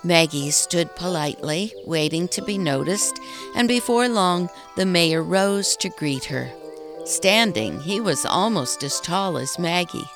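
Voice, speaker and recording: A woman narrating a storybook in a calm, even storytelling manner. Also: on the low side.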